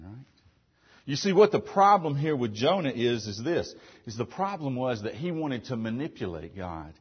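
A man's voice: mid-range voice, breathy edge, in a large hall, lo-fi sound. A man preaching a sermon as a pastor, asking the congregation frequent questions. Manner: asks the congregation frequent questions, with animated emphasis.

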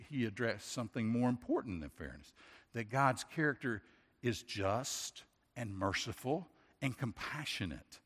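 A man's voice: medium pitch, fairly bright tone. Man preaching a sermon in a reverberant hall. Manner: earnest, with rhetorical questions and restarts. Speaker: pastor.

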